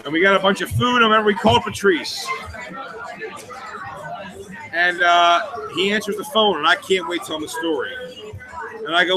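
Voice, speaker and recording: A comedian telling a rambling, profane anecdote in a documentary interview. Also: male voice, high-pitched, moderate pace, long pauses, a crowd in the background, low-quality recording.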